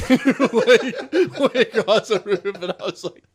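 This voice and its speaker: A man's voice: on the high side, moderate pace, few pauses. A young man co-hosting a podcast, telling stories in laid-back chat, saying "dude" constantly and acting out what people said. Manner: laid-back storytelling, says "dude" constantly, acts out quotes. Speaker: podcast co-host. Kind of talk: casual chat.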